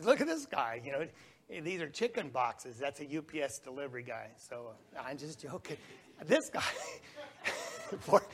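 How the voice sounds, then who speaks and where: A man's voice: fairly high pitch, a bit bright. A man giving a rambling, folksy slide-show talk about a mission trip to a live audience. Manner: folksy, rambling, with small restarts and laughs.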